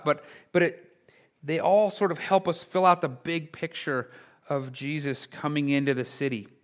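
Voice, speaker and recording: Male pastor, high voice, lively sermon delivery swinging between hushed and shouted. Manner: animated preaching, swinging from quiet asides to loud exclamations; conversational, asks rhetorical questions.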